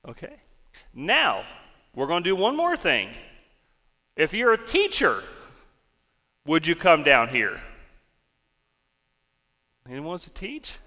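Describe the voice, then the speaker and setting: A man's voice: on the high side, slow, long pauses, in a large hall. A male pastor giving a folksy children's sermon and prayer in a church sanctuary. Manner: animated storytelling, folksy.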